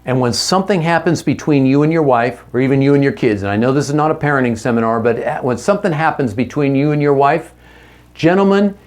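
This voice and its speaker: An earnest man leads a marriage seminar in front of a live audience. His delivery is coaching and direct, and his voice sits at a middle pitch. When he acts out an apology, it goes soft and low. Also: fast talker. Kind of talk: teaching talk to a live audience.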